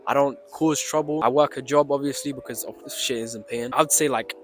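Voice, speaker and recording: A young man telling stories to camera in a casual, slangy, swearing vlog style that swings between excited and low. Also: brisk, faint music behind. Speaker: vlogger.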